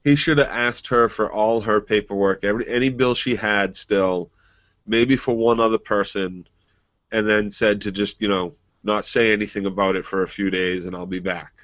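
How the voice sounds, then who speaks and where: A man's voice: fairly low pitch, fairly even intonation, moderate pace, a bit bright, no room sound, muffled recording. A man co-hosting a casual recap podcast, blunt, joking and profane. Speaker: podcast co-host.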